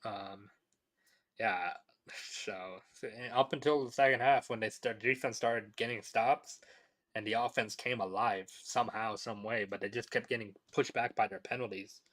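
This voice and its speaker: A man hosts a relaxed sports podcast from home, rambling through recaps with frequent fillers and false starts. His voice sits a touch low in pitch yet has a bright, forward edge to it. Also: normal speed. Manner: rambling, many fillers and restarts. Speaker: podcast host. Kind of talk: casual sports talk.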